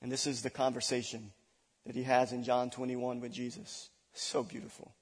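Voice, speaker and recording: A man's voice: mid-range voice, level tone, moderate pace, husky. Preaching man in an echoing hall. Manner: dramatic preaching, swinging between loud declarations and hushed asides. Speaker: pastor. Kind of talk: sermon. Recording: long reverb of a large hall.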